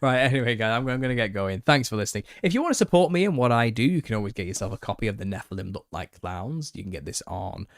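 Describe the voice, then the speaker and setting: A man hosting a live Q&A stream, opinionated and quick to get worked up, laughing as he rants. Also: medium pitch, expressive, no room sound, clean studio sound. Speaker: channel host. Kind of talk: live Q&A monologue.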